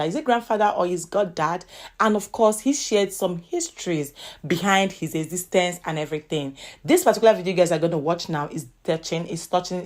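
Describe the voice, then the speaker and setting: A woman's voice: on the low side, a little mellow. A woman hosting a vlog, earnest and encouraging toward viewers. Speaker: host. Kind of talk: vlog commentary.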